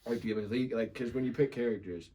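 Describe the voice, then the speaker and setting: A man on a podcast as a guest, telling a story in a casual, animated way, laughing and swearing freely. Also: medium pitch, fast, breathy edge.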